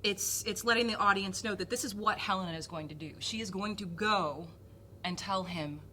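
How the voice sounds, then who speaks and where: A woman's voice: medium pitch, moderate pace, pushed and bright, slight background noise. A woman acting coach patiently explaining a technique, with many ums as she talks. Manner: patient, filler-heavy explaining.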